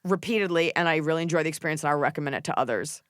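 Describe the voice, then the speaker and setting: A woman's voice: sits low, racing, no echo, studio quality. A woman hosting a podcast, chatting casually and telling comic stories while mimicking people. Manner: animated storyteller, mimics people. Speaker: podcast host. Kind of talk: casual comedic chat.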